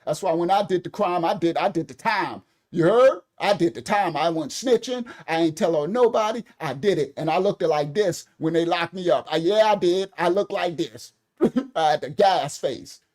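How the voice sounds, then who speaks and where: Middle-aged man, high voice, livestream commentary host, preachy, teasing, answers his chat. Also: moderate pace. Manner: animated, preachy, laughing, talks straight to viewers and commenters.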